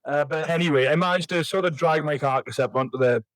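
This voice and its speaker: A man's voice: a little high, fast talker, no room sound, poor audio. A young man, a podcast guest telling rambling, sweary, self-mocking stories. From Wales. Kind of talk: casual chat.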